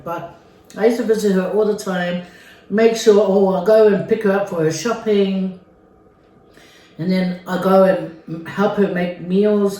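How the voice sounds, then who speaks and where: A woman's voice: mid-range voice, warm tone, far from the mic. A middle-aged woman from Samoa telling a story in a casual, chatty way, with lots of fillers and repeats. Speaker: vlogger. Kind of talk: casual storytelling during a mukbang. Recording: very echoey room.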